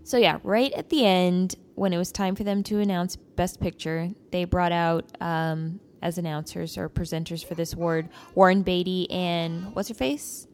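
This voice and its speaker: A woman's voice: lowish voice, fairly even intonation, normal speed, hardly any pauses, a little mellow. A woman co-hosting a casual chat, narrating events in step-by-step detail. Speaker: podcast co-host.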